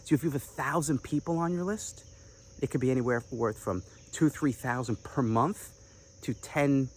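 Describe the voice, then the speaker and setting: Upbeat male coach, mid-pitch voice, talks straight to camera with a salesy, playful energy, faint background hiss. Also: normal speed. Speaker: online business coach. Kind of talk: direct-to-camera advice talk.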